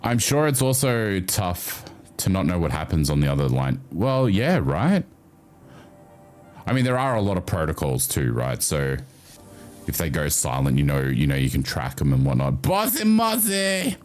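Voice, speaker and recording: A man hosts a livestream at normal speed over soft background music, chatting casually with viewers. He's animated and chatty, swears freely, and his pitch jumps up.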